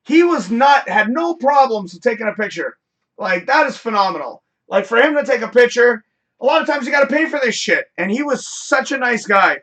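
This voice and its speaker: Guy hosting a live show, high voice, rambling animated story, swears a bunch. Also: brisk. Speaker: show host.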